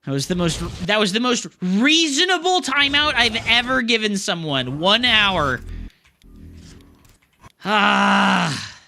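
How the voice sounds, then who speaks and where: A man's voice: high voice, sing-song, moderate pace, hardly any pauses, pushed and bright, slight background noise. A young man streaming live game commentary, ranting with frustration and cursing constantly in loose slangy gamer talk. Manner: frustrated ranting, heavy swearing.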